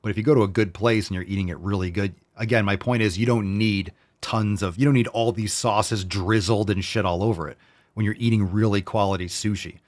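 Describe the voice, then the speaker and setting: Low-ish guy hosting a podcast, rambly and sweary, jokes around. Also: fairly even intonation, brisk. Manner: rambling, profane, jokey. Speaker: podcast host. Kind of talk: casual chat.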